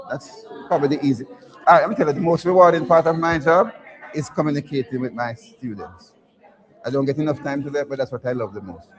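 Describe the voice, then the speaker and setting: A middle-aged Jamaican school principal talking casually to students at a career day, telling jokey stories and often asking "right?". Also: male voice, medium pitch. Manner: storytelling, jokey, asks the crowd "right?". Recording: muffled recording with a crowd around.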